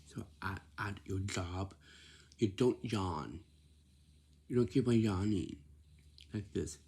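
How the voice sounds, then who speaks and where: A man gives plain job-hunting advice in a slow, halting way, often restarting and repeating his phrases. His voice is low, gravelly and husky. He talks casually to the camera in simple words. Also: a little mellow. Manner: simple, plain wording, lecturing tone.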